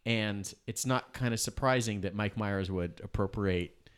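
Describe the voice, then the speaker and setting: A man's voice: fairly low pitch, a little slow, smooth. A man chatting casually on a podcast, rambling with lots of "like" and "you know.". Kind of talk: casual chat.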